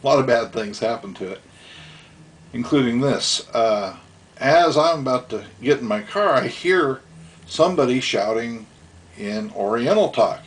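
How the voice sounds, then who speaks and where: A man's voice: medium pitch, expressive, a little slow. Rambling middle-aged male storyteller. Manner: rambling, chuckling, acts out voices. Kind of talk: casual storytelling.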